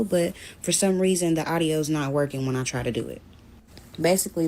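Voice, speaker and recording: A woman telling a personal story on her vlog in a casual, blunt way, swearing now and then. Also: low voice. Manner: blunt, animated retelling with swearing. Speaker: storyteller vlogger.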